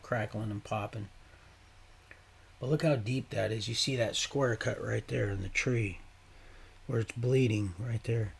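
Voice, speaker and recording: Gravelly-voiced man rambling on a livestream. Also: medium pitch. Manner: rambling, profane, swearing often. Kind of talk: rambling casual storytelling.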